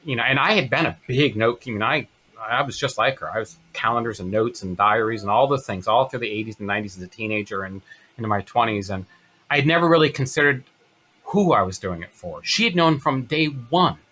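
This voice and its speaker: A man in his fifties, an interview guest telling a personal story in an earnest, halting way. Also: medium pitch, expressive, bright, forceful tone. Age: 50s. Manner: earnest, halting, many fillers and restarts.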